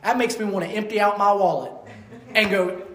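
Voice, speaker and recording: A man preaching a sermon as an evangelist, fervent, rising to loud bursts and then dropping soft. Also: sits high, steady tone, fairly quick. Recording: echoey room.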